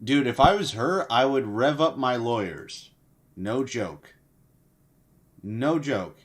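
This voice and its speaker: A sleep-deprived young man hosts a casual livestream, speaking slowly but animatedly in a mid-range voice. He rambles, swears heavily, and keeps restarting sentences.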